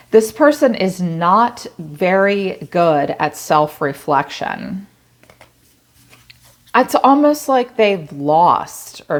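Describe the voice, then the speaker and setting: A woman giving a tarot reading in a blunt, casual way, swearing freely and thinking aloud as she talks. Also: on the low side. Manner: conversational, thinking aloud with many "like" fillers. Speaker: tarot reader.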